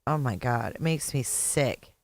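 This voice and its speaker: Middle-aged woman host, low voice, slow drawl, blunt sarcastic comments w swearing. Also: expressive, a little mellow, dry recording. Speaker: YouTube host reacting to a clip. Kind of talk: casual reaction commentary.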